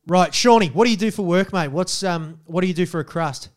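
A young Australian man hosting a podcast, joking loudly and swearing through casual banter. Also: sits high, fairly quick. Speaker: podcast host. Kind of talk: crude casual chat.

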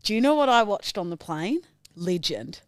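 A woman's voice: medium pitch, very animated, normal speed, dry recording, studio quality. A woman co-hosting a podcast, chatting casually in a playful, rambling way. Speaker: podcast co-host. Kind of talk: casual chat.

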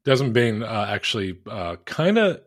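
A man co-hosting a casual podcast, relaxed and easygoing, reading off stats and laughing easily. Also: lowish voice, normal speed. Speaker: podcast co-host. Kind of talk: casual chat.

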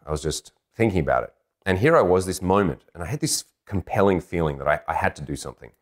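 A man with a very low voice tells a personal story as a dating coach. He is animated and self-deprecating, slipping into bits of acted-out dialogue. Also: fast talker. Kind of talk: anecdotal storytelling.

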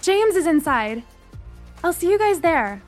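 A woman's voice: very high-pitched, sing-song, unhurried, faint music behind, voice pushed up, full character voice. A woman voicing a casual, friendly young woman on a phone call.

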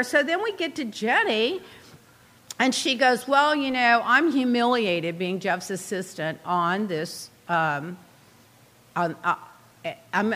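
Woman dishing a story, high voice, bright and sharp, really lively. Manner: animated, indignant, quick asides. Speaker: guest recounting reality show events. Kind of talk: casual storytelling chat.

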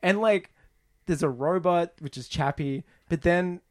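A man's voice: fairly high pitch, unhurried. A young man co-hosting a casual film chat, rambling and restarting his sentences as he jokes. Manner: rambling, restarts often, laughs at own jokes. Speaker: podcast co-host.

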